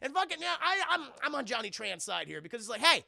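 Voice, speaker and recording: A high, gravelly male voice with a bright, forceful edge, talking fast and loose as he recaps a movie for his chat. He is animated and swears freely. The sound is dry and close. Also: no echo. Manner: animated, profane, talks to chat, acts out characters. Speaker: streamer reviewing a film. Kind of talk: casual scene-by-scene recap to a live chat.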